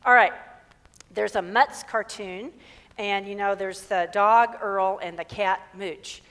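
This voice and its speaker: A woman's voice: medium pitch, steady tone, slow, fairly bright tone. A woman minister giving a conversational sermon, joking and asking many rhetorical questions. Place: church sanctuary. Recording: long reverb in a hall.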